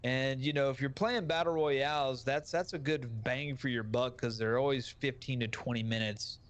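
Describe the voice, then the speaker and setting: A man's voice: medium pitch, fairly even intonation, moderate pace. A man, a guest streamer, chatting casually in a crude, jokey way with frequent swearing. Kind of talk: casual podcast chat.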